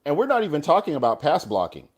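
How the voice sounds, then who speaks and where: A man's voice: on the high side, wildly swooping pitch, fast, husky. A man co-hosting a casual sports talk show, agreeable and often restarting his words. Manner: agreeable, restarts words, uses "you know". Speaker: co-host.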